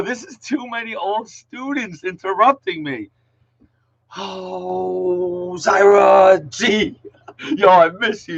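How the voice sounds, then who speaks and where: A man's voice: high voice, creaky, a bit bright, dull audio. A man, teaching an online class in a casual, jokey way, slangy, saying "yo" a lot and calling out students by name. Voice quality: slangy, peppers speech with "yo". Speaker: middle school English teacher.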